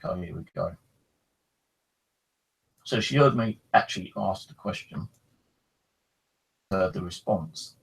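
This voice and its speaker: Gravelly deep-voiced man telling a tale. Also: unhurried, pauses often, low-quality recording. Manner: rambling, animated, swears freely. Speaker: paranormal storyteller. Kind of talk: casual first-person storytelling.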